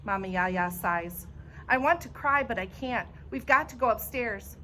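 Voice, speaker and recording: Librarian lady reading a kids' chapter book, bright and clear, a bit of faint hiss. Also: fairly high pitch, measured pace. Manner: clear, expressive storytelling. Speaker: children's librarian.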